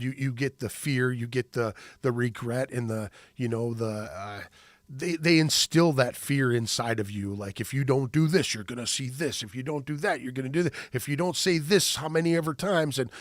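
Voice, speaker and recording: A man hosting a podcast in casual chat, talking haltingly with many restarts. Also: mid-range voice, dry recording, studio quality. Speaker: podcast host.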